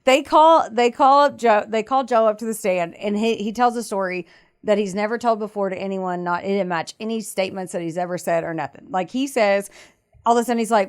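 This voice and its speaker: A woman's voice: medium pitch, brisk. A woman co-hosting a casual podcast, walking through a true-crime case in a chatty, storytelling way. She acts out the people she quotes and laughs often. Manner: animated retelling, acts out quotes, frequent laughter. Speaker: podcast co-host.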